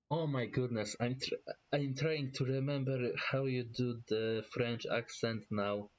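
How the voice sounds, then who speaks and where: A man's voice: mid-range voice, steady tone, unhurried, highs cut off. A man streaming a game, joking around goofily. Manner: goofy, joking, laughing, mock French phrases. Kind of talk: casual game stream commentary.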